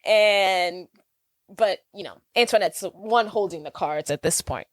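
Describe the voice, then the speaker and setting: A woman's voice: mid-range voice, a little slow, dry recording. An American woman co-hosting a podcast, chatty and laughing as she recaps a film and acts out its characters' lines. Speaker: podcast co-host. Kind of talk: casual movie recap chat.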